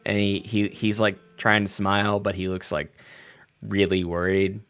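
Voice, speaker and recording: Guy game-mastering, slow, lots of likes and ums, quiet music behind. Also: lowish voice, flat delivery, smooth. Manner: loose, filler-heavy description. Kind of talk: narrating a tabletop game.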